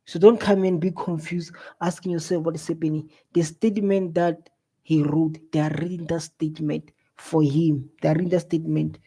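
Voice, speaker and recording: A man's voice: a little high, flat delivery, normal speed, warm tone, husky. A South African man hosting a live reaction video, exclaiming and scolding with a lot of repetition.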